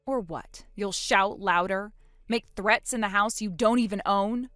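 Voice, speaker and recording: A woman narrating a text message story as the wife, trading sharp, sarcastic comebacks. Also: mid-range voice, unhurried, dry recording, studio quality, soft background music.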